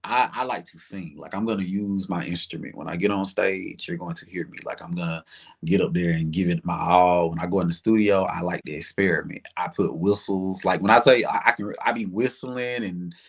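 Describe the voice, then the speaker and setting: A man's voice: low-pitched, steady tone, fairly quick, gravelly, slightly rough. A young man with a Southern accent, chatting animatedly as a singer guest in an interview, with lots of "like" fillers. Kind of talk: casual interview chat.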